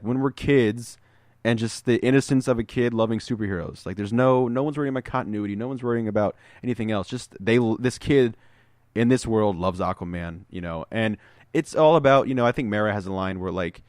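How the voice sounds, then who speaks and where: A man co-hosting a podcast, retelling comic book scenes as an animated storyteller in casual chat. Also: on the low side, a little fast, no room sound, clean studio sound. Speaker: podcast co-host.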